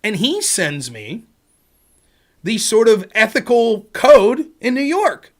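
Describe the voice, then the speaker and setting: A man's voice: high voice, huge pitch swings, slow pace. A man hosting a livestream, ranting in a sarcastic, profane way. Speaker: streamer host.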